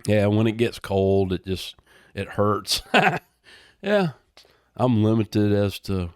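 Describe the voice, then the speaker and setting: Laid-back older man, low voice. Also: steady tone, takes it slowly, a little mellow, smooth, dry recording, clean studio sound. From Texas. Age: 60s. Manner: laid-back, laughs often, says "man" and "dude". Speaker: guest, retired helicopter pilot. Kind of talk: casual interview storytelling.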